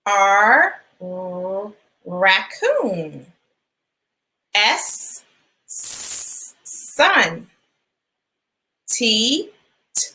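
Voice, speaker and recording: A woman teacher giving a phonics lesson for young children, sounding out letters and words clearly and encouraging them. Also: mid-range voice, bright, forceful tone, poor audio. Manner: encouraging, asks questions and waits.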